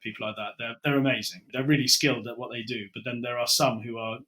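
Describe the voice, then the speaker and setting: A middle-aged British broadcaster spins stories in an easy podcast chat. His voice is bright and clear. He slips into the lines he and others said as he tells each tale. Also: mid-range voice, quick pace. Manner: lively storyteller, acts out his own quotes. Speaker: broadcaster guest. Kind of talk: casual podcast chat, anecdotes.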